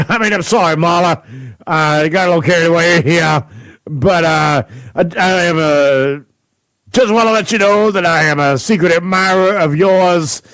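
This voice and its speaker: In a radio studio, a male host runs a rowdy prank-call bit, mocking a coworker and laughing often. His voice is on the high side, at normal speed, with a fairly bright tone. There's no echo, but the audio is poor.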